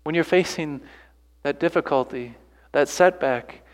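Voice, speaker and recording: Here the pastor's pitch sits fairly high and his delivery is measured. He pushes the congregation hard with rhetorical questions and recurring phrases, and the sound rings out with a long reverb tail.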